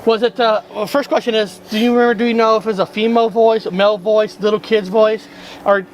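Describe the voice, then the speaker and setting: A man's voice: sits high, fairly even intonation, fast talker, a little hiss or hum, rough recording. A man hosting a ghost-hunting vlog, talking bluntly and casually outdoors in hillside woods, out of breath from the climb. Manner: blunt, chatty, swears casually. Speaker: ghost-hunting show host. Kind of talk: casual on-site vlog talk.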